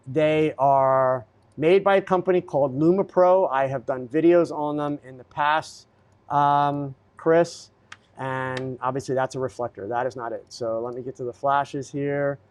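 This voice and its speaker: A man hosting a live photography Q&A stream, answering viewer questions in a blunt, lecturing way with plenty of fillers. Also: mid-range voice.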